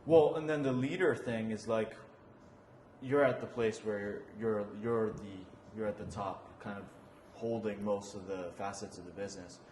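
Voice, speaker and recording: A man talking business plans in a relaxed, hesitant way, often restarting his sentences. He is recorded in a roomy, echoing space with a faint hiss of noise behind him. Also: on the low side, moderate pace. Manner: thinking aloud, hesitant. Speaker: marketing partner, co-host. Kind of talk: casual business chat.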